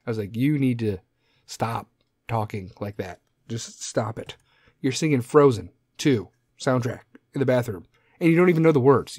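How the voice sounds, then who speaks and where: A man's voice: on the high side, animated, brisk, darkish tone, dry recording, studio quality. A middle-aged man hosting a solo podcast, ranting casually with lots of swearing and wandering off on tangents. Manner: profane, rambling, goes off on tangents. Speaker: podcast host.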